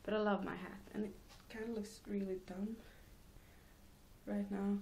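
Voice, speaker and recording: A woman's voice: medium pitch, flat delivery, a little slow, a little mellow, a little hiss or hum. A teenage girl rambling casually in a home vlog, giggling and mocking herself between thoughts. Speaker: vlogger.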